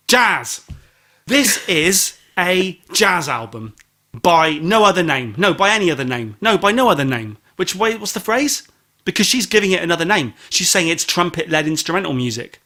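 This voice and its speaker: A man co-hosts a casual podcast chat, his voice bright and a touch high. He rambles and teases, and every so often he jumps up into loud exclamations. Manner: jokey, rambling, teasing, with sudden loud exclamations. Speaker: podcast co-host. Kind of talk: casual chat, album review.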